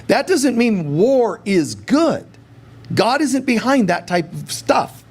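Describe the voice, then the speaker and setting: A male spiritual teacher speaking in a high, lively voice that swoops up and down. He keeps things casual and conversational, now and then slipping into acted-out prayers as he teaches. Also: takes it slowly, breathy edge. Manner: animated, acts out quoted prayers.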